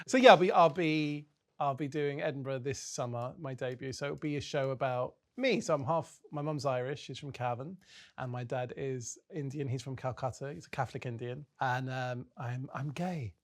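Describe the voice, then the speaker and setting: A man's voice: mid-range voice, normal speed. A man in his thirties, a comedian guest chatting casually on a podcast and telling self-mocking stories. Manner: animated, self-mocking storyteller.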